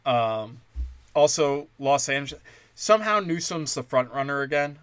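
A man's voice: a little high, lively intonation, moderate pace, a bit bright, dry recording. Guy ranting and swearing a lot, rambly, says like constantly, dry close sound. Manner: heated, profane, rambling with many "like" fillers. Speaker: commentator. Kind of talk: profane political rant.

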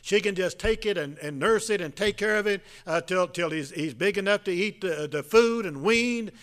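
Halting folksy man preaching. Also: sits high, fairly bright tone. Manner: halting, many filler uhs. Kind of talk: folksy sermon.

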